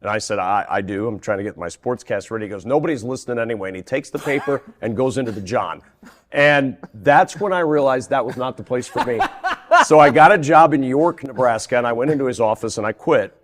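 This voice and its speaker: A man's voice: mid-range voice, a little fast. Chatty man telling stories. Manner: animated, laughs through anecdotes, frequent restarts. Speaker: guest sportscaster. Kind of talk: interview storytelling.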